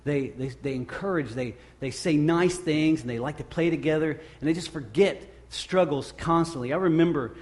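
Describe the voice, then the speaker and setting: A man's voice: on the high side, moderate pace, hardly any pauses. A man in his thirties preaching a sermon, earnest and conversational, often repeating phrases for emphasis. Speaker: pastor.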